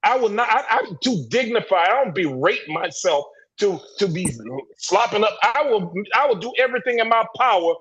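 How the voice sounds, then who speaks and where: A man's voice: high voice, lively intonation, moderate pace, hardly any pauses, fairly bright tone, muffled recording, slight background noise. A man speaking in an impassioned group discussion on a livestream call, preachy and emphatic, repeating words and restarting his sentences. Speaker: panelist in a men's discussion group. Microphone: livestream video call.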